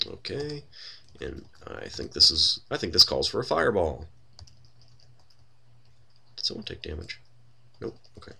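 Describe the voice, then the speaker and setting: Let's-play host, a man with a deep, creaky voice and wry, rambling delivery. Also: sing-song, a little slow, long pauses, pushed and bright. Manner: wry, thinking aloud, many fillers. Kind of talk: casual gameplay commentary.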